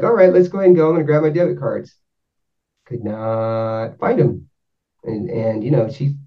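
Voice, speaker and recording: A man's voice: medium pitch, distant mic. A man from North Georgia tells a loose, rambling story. He often restarts his sentences and livens up when he quotes other people. He sits back from the mic on a dull, muffled recording. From North Georgia, USA. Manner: rambling, self-correcting, animated when quoting. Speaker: guest explaining spirit sessions. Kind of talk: casual storytelling.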